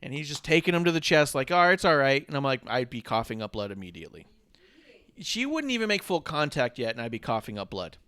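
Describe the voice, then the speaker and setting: A man hosting a casual wrestling podcast, animated and swearing freely, often mocking himself. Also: medium pitch, fast talker. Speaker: podcast host.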